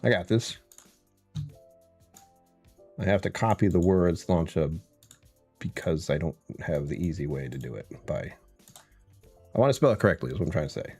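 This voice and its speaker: A man with a very deep voice chats loosely through his own live stream, wandering between topics and chuckling often. He greets viewers one by one from his computer at home, with soft music playing behind him. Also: lively intonation, normal speed, pauses often, husky. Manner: rambling, chuckles often, greets chat by name. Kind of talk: casual livestream chat.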